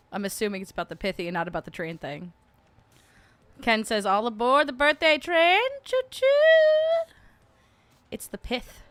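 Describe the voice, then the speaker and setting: A woman's voice: fairly low pitch, no echo. Sarcastic New woman streamer. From New Jersey. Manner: sarcastic, chatty, laughs often. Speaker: livestream host. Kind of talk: casual livestream chat. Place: at home.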